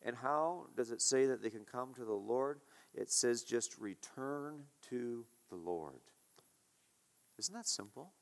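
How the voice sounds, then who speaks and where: A man's voice: medium pitch, expressive, slow, gravelly. A male pastor preaching a sermon, emphatic and repetitive, asking his listeners rhetorical questions.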